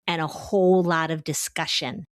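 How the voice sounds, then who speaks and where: Middle-aged woman hosting a podcast, lowish voice, dry close sound, chatty and encouraging. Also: moderate pace, dry recording. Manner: warm, expressive and encouraging, explains with everyday examples. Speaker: podcast host and anxiety therapist. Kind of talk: casual podcast chat.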